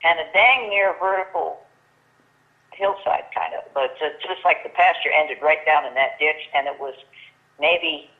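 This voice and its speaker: A woman's voice: sits low, a little slow. Older woman telling a story over the phone. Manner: lively storyteller acting out quoted dialogue, many restarts. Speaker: guest. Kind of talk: storytelling in casual chat. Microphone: telephone. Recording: tinny phone line.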